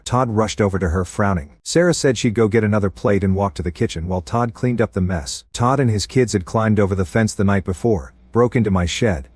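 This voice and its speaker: A man narrating a first-person story in a steady, scripted reading style. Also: fairly low pitch, no room sound.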